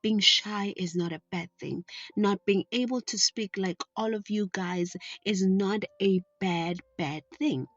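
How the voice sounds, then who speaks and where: Woman doing Ruby, a gentle shy little girl. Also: mid-range voice, a little slow, hardly any pauses, no echo, highs cut off. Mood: resolute.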